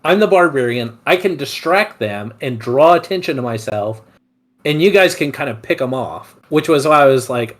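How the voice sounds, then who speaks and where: A man's voice: medium pitch, lively intonation, moderate pace. A young man, a player in a tabletop game, earnestly explaining his thinking in casual chat.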